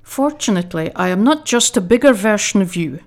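A woman's voice: medium pitch, lively intonation, a little fast, lightly acted. God as a wry, patient deity, played by a woman. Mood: dry. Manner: dry, patient, teasing. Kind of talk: radio comedy sketch.

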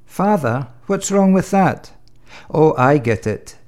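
A man playing God as a patient, fatherly deity in a comic sketch, dry and gently joking. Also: a little high, animated, slow pace. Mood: teasing.

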